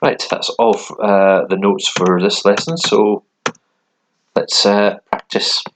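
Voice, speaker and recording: A man's voice: lowish voice, fairly even intonation, takes it slowly, slight background noise. A man talking through a language lesson in a casual, hesitant way, with many ums and restarts. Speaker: language learner.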